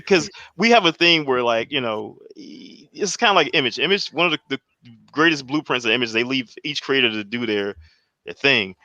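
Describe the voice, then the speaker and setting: A man speaking as a guest on a podcast, in a mid-pitched, bright and forceful voice. He rambles through his thoughts with lots of restarts. The sound is dry and close, with no room echo. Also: animated, normal speed, lo-fi sound. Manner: rambling, many restarts and fillers. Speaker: guest comic creator. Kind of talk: casual chat over video call.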